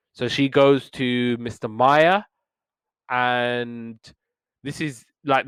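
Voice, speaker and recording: Man, podcast host, smooth clean voice, dry close sound, earnest recapper. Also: mid-range voice, no echo. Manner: earnest plot retelling, acting out characters' lines. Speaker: podcast host reviewing old cartoons. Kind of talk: casual chat.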